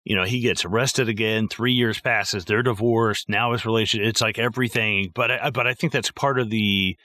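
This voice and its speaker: A man's voice: fairly low pitch, normal speed, dry recording. A man co-hosting a casual movie podcast, swearing often and acting out lines from the film. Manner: profane, animated, acts out film quotes. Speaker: podcast co-host.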